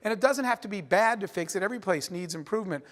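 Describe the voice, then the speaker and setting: A man delivers a storytelling keynote in a large conference hall, his voice sitting high for a man. He talks in an animated, conversational way, tossing quick asides to the crowd. A long reverb trails behind each phrase. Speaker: keynote speaker.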